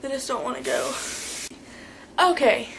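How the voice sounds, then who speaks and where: A woman's voice: high voice, big pitch swings, a little slow, a bit bright, slight background noise, rough recording. A teenage girl giving a rambling, chatty vlog tutorial, full of fillers. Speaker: vlogger.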